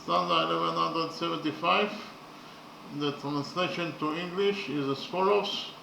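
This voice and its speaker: A man's voice: on the high side, animated, vocal fry, sharp tone, a little hiss or hum. Echoey, methodical male lecturer. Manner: slow, methodical, hesitant with frequent fillers. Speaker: literature teacher. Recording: echoey room.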